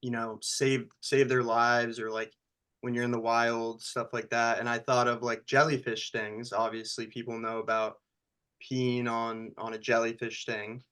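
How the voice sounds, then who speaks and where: Casting: man, bright and rambling, relaxed interview guest, lots of "like" and "you know.". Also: mid-range voice, unhurried, clean tone. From United States. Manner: rambling, loose storytelling with many fillers. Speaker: screenwriter and actor. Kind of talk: casual interview chat.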